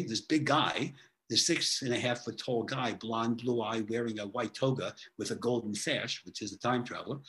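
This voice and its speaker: A man's voice: mid-range voice, a bit bright. A man, a guest on a podcast, telling his clients' case histories in a chatty way, often tagging sentences with "okay?". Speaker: guest, author and therapist. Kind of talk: storytelling in a podcast interview.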